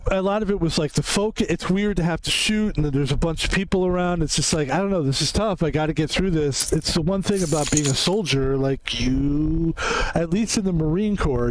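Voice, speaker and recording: A man in his fifties gives loose, meandering commentary while playing a game. His voice sits a little high for a man, and he drifts into stories peppered with swearing. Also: slight background noise, poor audio. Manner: rambling storytelling with frequent profanity. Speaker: gaming video host.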